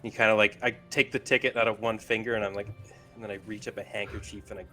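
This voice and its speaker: A man's voice: lowish voice, flat delivery, fast talker, sharp tone, soft background music. A man player describing his character's actions in a tabletop game, casual and full of fillers.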